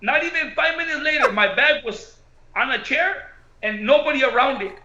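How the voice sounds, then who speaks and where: A man, a boxing coach and co-host, telling an animated story and slipping between English and Spanish. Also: extremely high pitch, moderate pace, very noisy. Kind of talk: casual storytelling. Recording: echoey room, dull lo-fi sound.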